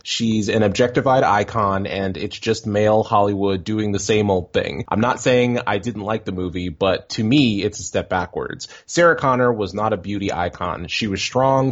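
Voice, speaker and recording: A man's voice: on the low side, highs cut off. A man co-hosting a podcast in casual chat, hesitant and laughing often, reading quotes aloud. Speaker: podcast co-host.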